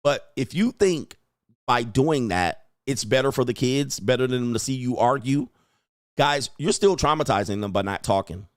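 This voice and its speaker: A blunt man holds forth on his livestream, hammering his points home and saying them twice for emphasis. His voice sits at an ordinary middle pitch and sounds close and dry, with no room around it. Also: animated, normal speed, dry recording. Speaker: host. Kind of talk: livestream commentary.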